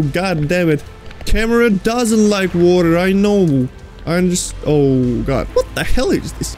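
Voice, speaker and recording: High-voiced man talking through a horror game. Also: a little mellow. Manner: talks to the game's creatures, jokey and easily startled. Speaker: gaming streamer. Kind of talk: let's play commentary.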